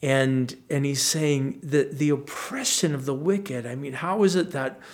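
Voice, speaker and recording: A man speaking as a pastor, giving a conversational, earnest Bible teaching with frequent restarts and soft asides. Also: medium pitch, measured pace.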